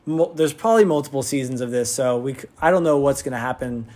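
A man's voice: mid-range voice, fast talker, a little mellow. A man reviewing a TV episode in casual talk, rambling with lots of fillers and restarts, sounding like an enthusiastic fan.

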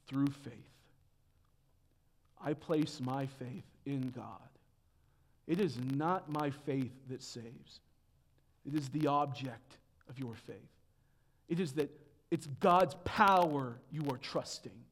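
A man preaching a sermon as pastor, dropping to hushed tones and then building to loud, emphatic peaks. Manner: swings from hushed to booming emphasis.

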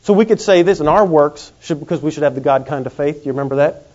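Folksy high-voiced preacher. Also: male voice. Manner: folksy, animated, acts out quick comic voices. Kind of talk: sermon. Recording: dull lo-fi recording.

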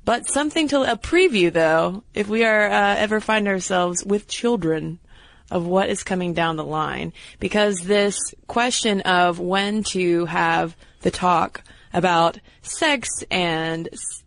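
A woman co-hosting a podcast, telling stories in a lively, casual way with fillers. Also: on the low side, slow, no room sound. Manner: animated storytelling with fillers. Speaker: podcast co-host. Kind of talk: casual chat.

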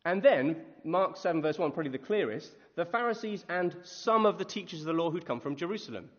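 A man preaching a conversational sermon, animated, often asking his listeners questions. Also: a little high, a little fast. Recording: echoey hall, dull lo-fi sound.

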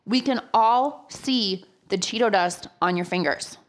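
A woman preaching a sermon, telling personal stories with lively, acted-out quotes. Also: medium pitch, a little slow. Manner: animated storytelling, acts out quotes.

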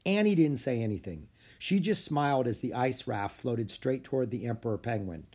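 A man narrating a children's book aloud with expressive storytelling. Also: medium pitch, moderate pace. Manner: expressive, story-telling delivery. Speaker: audiobook narrator.

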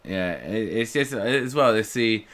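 A man's voice: fairly low pitch, a bit bright. A man co-hosting a casual film review podcast, joking and swearing freely. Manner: sweary, jokey, quick asides. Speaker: podcast co-host.

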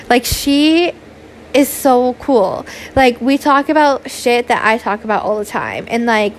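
A young woman hosts a casual solo podcast, sounding tired and yawning as she chats candidly, saying "like" constantly and swearing now and then. Her voice leans high, and there's a little hiss or hum on the recording.

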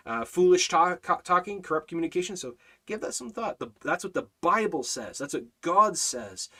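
A man's voice: mid-range voice, a bit bright. A man hosting a Bible study, speaking earnestly and emphatically, reading out scripture and restarting his sentences often.

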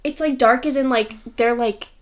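A woman's voice: on the high side, crowd noise. A young woman co-hosting a podcast, chatting casually and giggling through her stories. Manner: chatty, giggly, quick asides. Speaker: podcast co-host. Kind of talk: casual chat.

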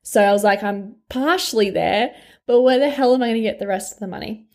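A woman's voice: on the high side, a little fast. Frank young woman, swearing freely. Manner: frank and animated, swears freely, laughs often. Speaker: life coach. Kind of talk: candid personal vlog.

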